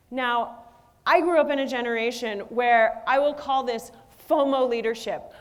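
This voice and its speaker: High-pitched middle-aged woman giving a pumped-up keynote, quizzing the crowd, big hall echo trailing off. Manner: energetic, draws in the audience with questions. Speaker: keynote speaker and wellness coach. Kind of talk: motivational keynote talk. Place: large conference hall with an audience. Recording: long hall reverb.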